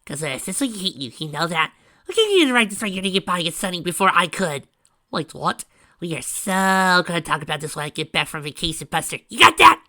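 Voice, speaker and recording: A woman's voice: mid-range voice, big pitch swings, moderate pace, vocal fry, a bit bright, voice pushed up. A reader voicing Pinky, a clingy, lovesick young woman who is hurt one moment and brash the next. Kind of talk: audiobook reading.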